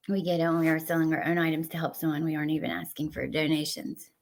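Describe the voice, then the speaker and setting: A woman's voice: deep voice, flat delivery, quick pace, gravelly, few pauses. Fired-up woman hosting a live stream. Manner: heated and profane, then warm and thankful to chatters. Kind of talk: casual live-stream chat, reading viewer comments.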